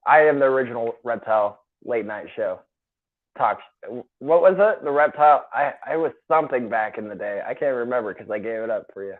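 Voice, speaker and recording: A man's voice: medium pitch, lively intonation, brisk. A blunt, profane man joins a casual livestream chat and speaks his mind. His voice sits in a middle range. It comes through narrow and tinny, like a phone line. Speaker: co-host guest. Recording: tinny phone-like call audio.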